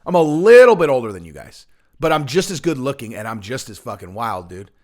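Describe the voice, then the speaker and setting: A man's voice: medium pitch, sing-song, a little fast, darkish tone. A middle-aged man giving casual ranting commentary on fighting sports, brash and profane, rambling with lots of fillers. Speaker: MMA commentator, channel host.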